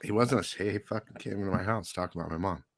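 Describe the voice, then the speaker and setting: A man's voice: low voice, quick pace, dry recording. A man hosting a live comic book show, telling a story casually with profanity, frequent laughs and lots of "dude".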